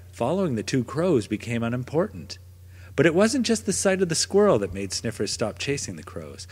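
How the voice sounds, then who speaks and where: Lively, husky male storybook narrator. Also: medium pitch. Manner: gentle, expressive storytelling. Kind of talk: children's story read aloud. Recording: long reverb.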